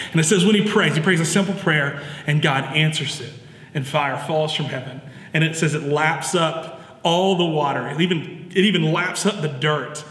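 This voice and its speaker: Guy preaching casually, lots of likes and restarts, kinda high bright voice, big echoey room. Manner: relaxed, chatty with many fillers and restarts. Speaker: pastor. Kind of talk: conversational sermon. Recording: echoey hall with long reverb.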